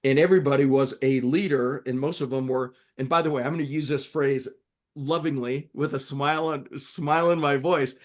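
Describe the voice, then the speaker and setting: Male co-host, emphatic storyteller, loose and lively. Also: fairly high pitch. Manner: animated storyteller, emphatic, many restarts. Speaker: podcast co-host. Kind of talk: conversational discussion.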